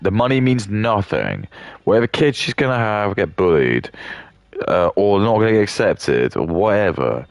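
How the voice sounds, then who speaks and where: A man's voice: lowish voice, very animated, moderate pace, gravelly, dry recording. A man talking casually on a live stream, rambling and swearing as he rants. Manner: rambling, profane, heated ranting.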